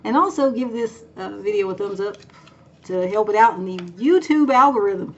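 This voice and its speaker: A woman's voice: mid-range voice, moderate pace, lo-fi sound, a little hiss or hum. A woman giving a casual tarot card reading, rambling and thinking aloud with many fillers and restarts. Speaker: tarot reader.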